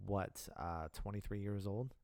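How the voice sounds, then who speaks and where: A man co-hosting a casual movie review podcast, halting and full of questions and fillers. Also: on the low side, fairly even intonation, a little mellow, no room sound, clean studio sound. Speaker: podcast co-host.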